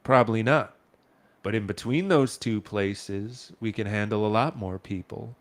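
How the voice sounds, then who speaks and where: A man's voice: on the low side, measured pace. A man giving emphatic, opinionated views in a casual chat.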